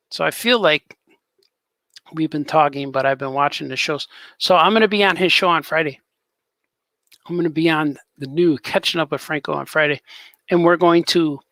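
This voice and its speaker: A man's voice: on the high side, bright, forceful tone, dry recording. A man hosting a casual live stream as a cartoonist, rambling in an easygoing way and chatting with viewers.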